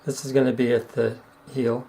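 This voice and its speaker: A middle-aged man giving casual step-by-step how-to narration while demonstrating razor honing, unhurried and plain-spoken. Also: mid-range voice, flat delivery, gravelly, warm tone, low-quality recording. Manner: unhurried, explains step by step with fillers.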